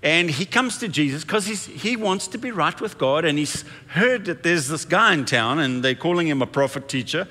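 A man delivering a sermon in a forceful, bright voice that sits a little high for a man. He talks conversationally and slips into the voices of people in his stories. The sound rings with the long reverb of a big hall. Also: animated, normal speed, few pauses. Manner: conversational preaching, acts out quoted voices. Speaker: pastor.

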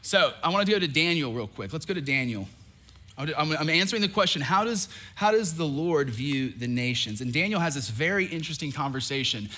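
A young man preaching with a bright, forceful voice that sits a little high for a man. He tells the story with energy, dropping into voices for its figures and making playful asides. It sounds like a church sermon. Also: a little fast. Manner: animated, acts out quoted voices, jokes with the crowd. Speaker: pastor.

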